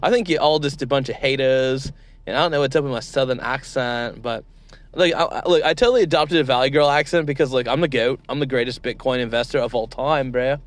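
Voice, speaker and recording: A man's voice: medium pitch, steady tone, fast talker, hardly any pauses, a bit bright, close to an everyday voice. A man playing a parody crypto investor who talks in valley-girl slang, saying like and bro constantly. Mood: airheaded. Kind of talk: comedy sketch impression.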